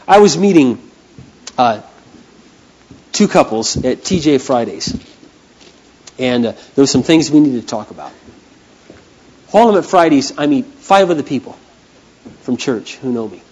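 A man preaching a sermon as a pastor, telling stories with an animated manner that swings from hushed to loud. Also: medium pitch, normal speed, pauses often, breathy edge, rough recording. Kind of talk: storytelling sermon.

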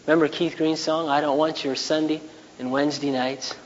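A man preaching a sermon in an earnest way, now and then rising into loud, raised passages. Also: on the high side, little pitch movement, a little fast, in a large hall, dull audio, a little hiss or hum. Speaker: pastor.

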